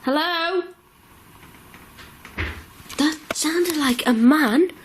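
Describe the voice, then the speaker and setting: A woman paranormal investigator calling out to spirits in an old farmhouse at night, nervous and breathy, recorded on a handheld camera. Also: sits high, drawn-out words, background noise. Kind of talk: ghost-hunting calling out.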